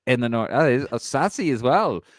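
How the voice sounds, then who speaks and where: A man's voice: medium pitch, animated, a little fast, no room sound, studio quality. A man hosting a podcast, chatting casually and laughing as he reads out viewer comments. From Ireland.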